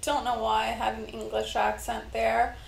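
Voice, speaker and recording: A chatty woman in a casual tarot reading video, her talk rambling and full of fillers. Her voice sits a bit high and rings in a roomy, echoey space. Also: level tone, normal speed, vocal fry. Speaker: tarot reader. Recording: echoey room.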